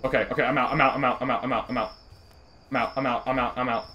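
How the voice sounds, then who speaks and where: A man's voice: medium pitch, fairly even intonation, racing, lo-fi sound, very noisy. A young man doing profane, nervous, jokey commentary while playing a horror game. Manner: profane, jittery, nervously joking. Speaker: gamer.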